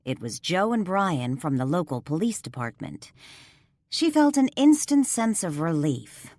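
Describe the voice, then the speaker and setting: A woman narrating a ghost mystery audiobook in an expressive storytelling voice. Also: on the low side, measured pace, no echo, studio quality. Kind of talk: scripted narration.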